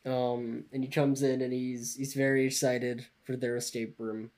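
A man's voice: medium pitch, level tone, a little mellow. Sardonic man quipping on a podcast. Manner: sardonic, quick quips and laughing reactions. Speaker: podcast co-host. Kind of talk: casual podcast banter.

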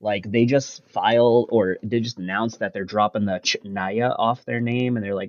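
Low-voiced man, blunt and sarcastic guest, dull dry recording. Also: steady tone, moderate pace, hardly any pauses, no echo. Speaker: guest, bar manager. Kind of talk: casual podcast chat.

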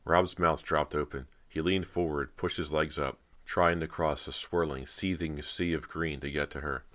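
A man narrating a horror audiobook in a measured, dramatic reading. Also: rumbling low, steady tone, fairly bright tone.

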